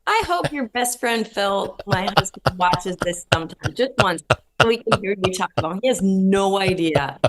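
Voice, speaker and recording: A woman's voice: mid-range voice, animated, moderate pace, fairly bright tone, a little hiss or hum. Chatty woman guest. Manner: chatty, amused anecdotes. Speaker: senator, guest. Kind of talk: casual chat.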